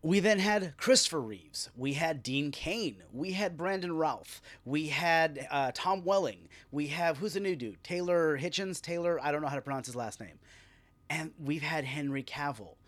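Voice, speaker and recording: Profane ranting man, fairly high voice. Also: normal speed, a bit bright. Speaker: podcast host. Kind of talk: solo ranting podcast.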